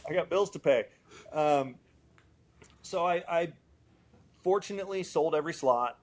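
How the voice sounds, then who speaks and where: A man who builds guitars, slightly high-voiced and moderately paced, shares a story as an interview guest. His telling is casual and roundabout, heavy on fillers and quoted dialogue.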